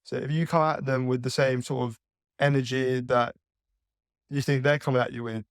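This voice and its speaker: Guy on a podcast answering questions, thinks out loud, normal pitch, dry close mic. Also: level tone, moderate pace, no room sound. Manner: thoughtful, with frequent fillers and restarts. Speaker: podcast guest, athlete. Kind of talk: conversational interview answers.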